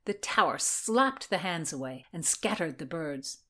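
A woman narrating a historical story in an even, measured way and explaining its background as a co-host. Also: sits low.

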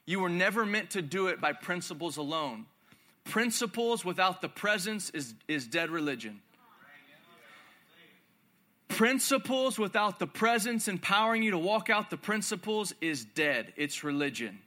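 A man's voice: high voice, very animated, moderate pace, sharp tone. A young man preaching a sermon to a large room, intense and emphatic, repeating his phrases.

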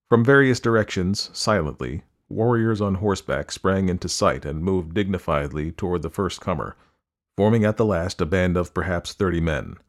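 A man with a very low, deep voice reads a story aloud like an audiobook. His delivery is measured and descriptive, keeping a steady narrating tone.

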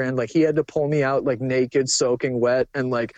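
A man's voice: mid-range voice, fairly even intonation, moderate pace, few pauses, a little mellow, no room sound. A young man telling a personal story candidly, casual and profane, with lots of fillers. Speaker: guest.

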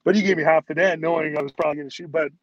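A man's voice: fairly high pitch, steady tone, rapid-fire, highs cut off, crowd noise. A man who played pro hockey, a guest telling stories in a rambling way, full of "like"s and acted-out quotes of teammates. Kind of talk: casual storytelling.

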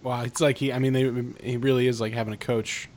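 A man hosting a podcast, asking questions in an enthusiastic, halting way. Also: medium pitch, flat delivery, darkish tone. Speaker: podcast host. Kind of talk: casual interview.

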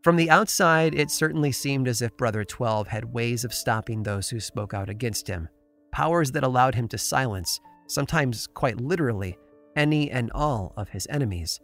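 A man narrates a dark historical tale in a measured, unhurried storytelling voice, pausing for effect. His pitch sits in an ordinary middle range, and soft music plays faintly behind him. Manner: measured, storytelling delivery with dramatic pauses. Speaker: podcast host and narrator. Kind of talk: scripted narration.

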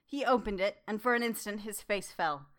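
A woman narrates a classic novel in the first person, keeping her reading measured and demure. Her voice sits in a middle register, neither high nor low. She takes on the heroine's own voice as she reads. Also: a bit bright. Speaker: audiobook narrator.

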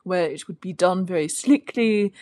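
A woman's voice: fairly low pitch, moderate pace, a little mellow, no echo, clean studio sound. A woman co-hosting a casual film review chat, giving fluent, sardonic critique in long sentences. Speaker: podcast co-host.

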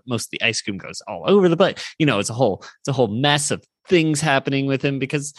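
Male podcast co-host, mid-pitched, rambling recap, dry close sound. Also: no echo. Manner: rambling, lots of fillers, animated quoting. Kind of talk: casual podcast chat, recapping an episode.

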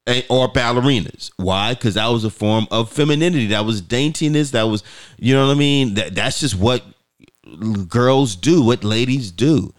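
A man's voice: medium pitch, moderate pace. A man co-hosting a podcast, telling stories in a casual, profane way and acting out quoted voices. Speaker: podcast co-host.

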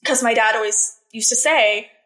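An earnest woman with a somewhat high voice tells her personal story as a podcast guest. She talks candidly and emphatically, and her voice climbs when she relives being angry. The recording carries a noticeable roomy echo. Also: normal speed, pushed and bright.

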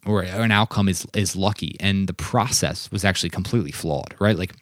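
A man's voice: fairly low pitch, no room sound, clean studio sound. A young man hosting a solo podcast, talking earnestly and often checking in with "right?" and "like". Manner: earnest, keeps asking "right?" and "like". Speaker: podcast host.

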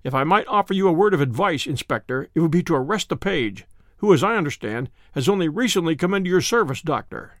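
A man voicing a calm, confident male detective who explains his findings in a measured way. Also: a little high, no room sound, clean studio sound. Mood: assured.

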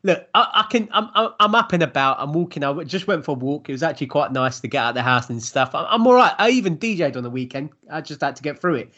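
A man with a British accent chatting as a podcast co-host, animated and self-deprecating, heard over a remote call. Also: fairly high pitch, quick pace, hardly any pauses, muffled recording. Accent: British English. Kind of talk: casual chat.

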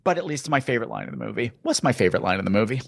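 A man hosting a casual movie-recap podcast, animated and joking and quick to laugh. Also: medium pitch, vocal fry, no room sound. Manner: animated, joking, laughs often, acts out quotes. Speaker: podcast host.

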